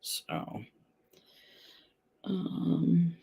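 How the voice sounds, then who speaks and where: A woman's voice: on the low side, expressive, very slow, vocal fry, mellow, slightly rough. A woman hosting a casual live stream, chatting candidly and answering viewers directly, recorded at home. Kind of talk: casual live chat, reading viewer comments.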